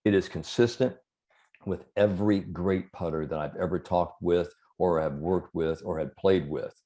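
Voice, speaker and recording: A man, a sports psychologist, talking as an interview guest and telling anecdotes in a lively, chuckling way. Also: low voice, moderate pace. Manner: animated storyteller, chuckles through anecdotes. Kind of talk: conversational interview storytelling.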